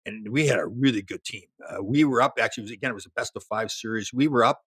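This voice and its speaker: Fast-talking husky older man. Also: medium pitch, no room sound. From Canada. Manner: animated storyteller, laughs, many restarts. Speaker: guest, former pro hockey player. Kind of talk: casual storytelling interview.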